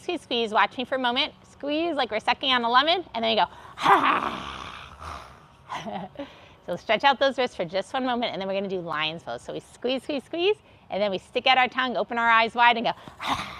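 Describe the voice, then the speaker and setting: A woman with a fairly high, slightly bright voice leads a live wellness and laughter yoga class on a livestream. As a wellness instructor, she stays upbeat, encouraging and playful while guiding stretches and breathing.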